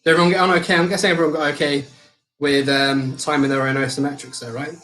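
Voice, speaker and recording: Upbeat fitness coach, echoey room. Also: male voice, fairly high pitch, level tone, fast talker, fairly bright tone, faint music behind. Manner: upbeat, instructive cueing with banter. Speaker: fitness instructor. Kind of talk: live online circuit class coaching.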